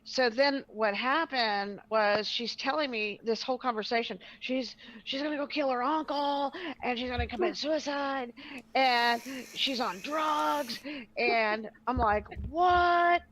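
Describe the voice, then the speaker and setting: A woman's voice: a little high, a little slow. A woman telling a story in casual chat, acting out what people said with lots of fillers. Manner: animated, acts out quotes, many fillers. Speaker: co-host.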